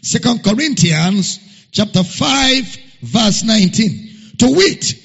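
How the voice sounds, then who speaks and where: A man's voice: high-pitched, lively intonation, slow pace, vocal fry, fairly bright tone, breathy edge. A man preaching a sermon. He stresses key lines by repeating them and reads scripture aloud in King James wording. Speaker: pastor. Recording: dull, lo-fi recording with long hall reverb.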